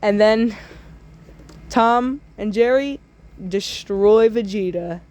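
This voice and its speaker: A woman telling absurd comic stories in a drawling way, with sudden loud squealing outbursts. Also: mid-range voice, takes it slowly. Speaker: storyteller. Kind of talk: absurd comedic storytime.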